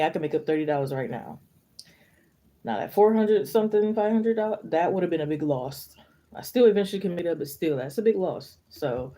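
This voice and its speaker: A woman's voice: deep voice, mellow. A young woman hosting a tarot live stream, chatting casually and rambling through stories with lots of fillers.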